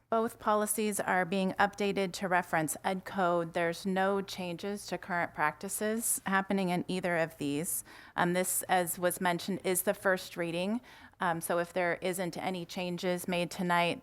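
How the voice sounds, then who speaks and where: A woman with a somewhat low voice walks the board through policy updates. She explains plainly, pausing often with fillers. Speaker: district administrator presenting policy. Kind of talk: public meeting presentation.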